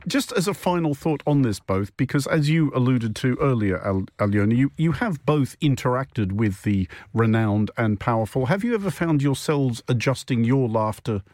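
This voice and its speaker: A man's voice: medium pitch, lively intonation, darkish tone, dry recording. Wry male radio host. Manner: dry, wry, quick with jokes. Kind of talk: radio panel show chat.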